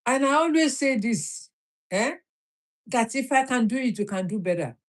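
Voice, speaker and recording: Animated Nigerian woman giving a pep talk. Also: a little high, moderate pace. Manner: preachy, repeats phrases, asks the listener questions. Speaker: live-stream host. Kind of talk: motivational live talk.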